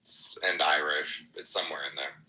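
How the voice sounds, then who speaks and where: Deep-voiced American guy, bright edge. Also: steady tone, normal speed, low-quality recording. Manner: loose, laughing, swears a lot. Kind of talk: casual podcast chat.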